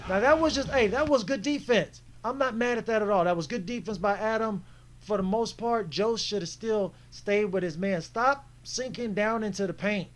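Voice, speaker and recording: A man's voice: high-pitched, normal speed, slight background noise. A man giving an exasperated, emphatic commentary on footage of his own basketball game, repeating himself often. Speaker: amateur basketball player reviewing his game. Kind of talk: video breakdown commentary.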